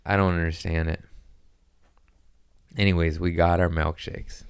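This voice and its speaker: With a smooth voice that sits low and a measured pace, a podcast host rambles through casual stories and voices the quotes of people in them. There is no echo on the recording.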